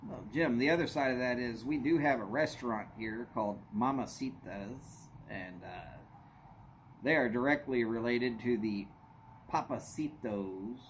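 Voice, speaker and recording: A man's voice: mid-range voice, unhurried, a little hiss or hum. A man hosting a casual livestream, chatting with viewers and greeting them by name. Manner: greets viewers by name, folksy drawl, y'all. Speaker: livestream host.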